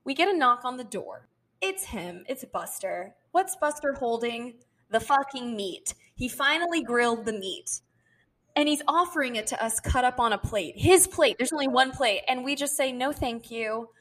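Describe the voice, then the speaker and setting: A woman in her twenties co-hosting a chatty podcast, with a voice that sits a little high. She tells the story animated and emphatic and swears freely. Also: moderate pace. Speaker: podcast co-host. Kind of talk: casual storytelling chat.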